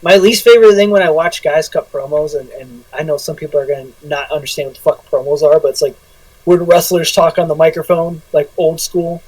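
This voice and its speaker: A man's voice: fairly high pitch, fairly quick, darkish tone, dry recording, distant mic, rough recording. A man co-hosting a podcast, trading jokes and swearing freely in casual banter. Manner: joking, swears a lot. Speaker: podcast co-host.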